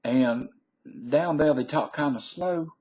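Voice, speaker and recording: A man's voice: a little high, a little mellow, low-quality recording. A man in his fifties with a Southern US accent, telling folksy, meandering stories in a casual monologue. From Southern United States. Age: 50s. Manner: meandering, folksy storyteller, drawn-out phrases. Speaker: video blogger.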